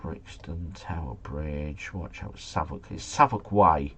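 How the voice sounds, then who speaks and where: A man streaming a guessing game live, thinking aloud and chatting to viewers, his volume rising and falling with excitement. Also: rumbling low, takes it slowly, a little hiss or hum. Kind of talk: casual live commentary.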